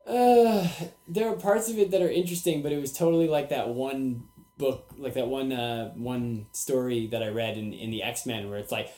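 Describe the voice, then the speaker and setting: A man's voice: mid-range voice, normal speed. A man hosting a casual podcast, chatting and acting out quotes with lots of laughter. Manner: animated, acts out quotes, laughs often. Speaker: podcast host. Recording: roomy echo.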